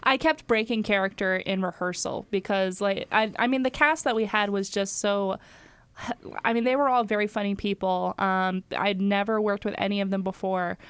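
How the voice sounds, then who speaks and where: A woman's voice: mid-range voice, fairly even intonation, normal speed, a bit bright, clean tone, dry recording. A young woman co-hosting a podcast, telling stories in casual chat with lots of fillers and laughter. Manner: chatty storytelling, laughs often, many fillers. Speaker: podcast co-host.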